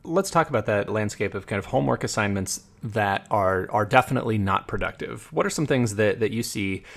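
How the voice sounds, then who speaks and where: Deep-ish guy with a gravelly edge, laid-back podcast host, thinks out loud. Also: a little fast. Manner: relaxed, thinks aloud with fillers and laughs. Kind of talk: conversational podcast interview.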